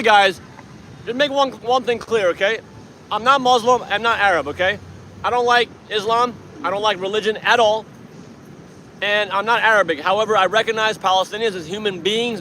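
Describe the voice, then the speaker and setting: A young man with a high, tense, sharp-edged voice talks straight to his livestream chat from an outdoor street protest. He speaks casually, boastful and combative, into a handheld phone, with faint traffic and street noise behind him. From Iran.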